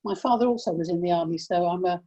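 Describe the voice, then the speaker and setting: An older woman from England shares family memories with warmth of feeling, pausing and restarting as she thinks. Her voice is mellow and slightly husky. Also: lowish voice, muffled recording. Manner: reflective, heartfelt, with halting restarts. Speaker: guest. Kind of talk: personal storytelling.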